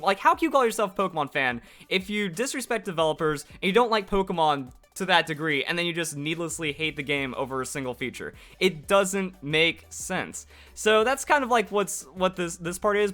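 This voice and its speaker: A man with a high, bright voice delivers opinionated gaming commentary, reading passages aloud and then arguing back at critics. He rants with plenty of "like" fillers. Faint music plays underneath. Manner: argumentative and ranting, heavy use of "like".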